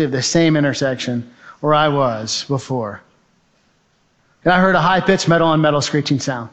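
Speaker giving a testimony: man, urgent storyteller, higher register, muffled lo-fi sound. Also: a bit bright. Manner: vivid, urgent, acts out the voices in his story. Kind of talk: dramatic personal storytelling speech.

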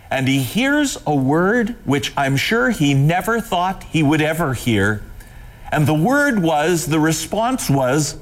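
A man preaching a sermon in a slow, impassioned manner. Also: a little high, very animated.

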